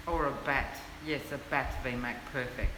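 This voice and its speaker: A man's voice: medium pitch, steady tone, moderate pace, roomy sound, long reverb tail, background noise. A man chatting casually, mostly answering with short, dry remarks. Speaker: livestream chatter. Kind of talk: casual chat.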